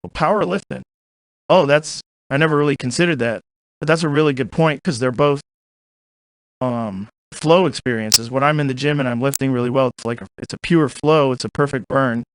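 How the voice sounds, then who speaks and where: A young man doing a comic podcast parody, rambling and agreeing with himself in quick banter. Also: medium pitch, smooth, no room sound. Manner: rambling, self-agreeing banter in two voices. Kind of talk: improvised comic podcast and freestyle rap. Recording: loud hip hop beat behind.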